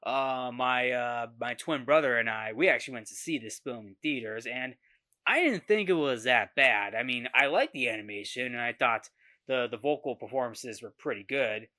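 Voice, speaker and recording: A young man in his twenties talks through a film review in a bright, forward voice. He keeps stopping, restarting and repeating words as he works out his thoughts, casual and unscripted. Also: mid-range voice, normal speed. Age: 20s.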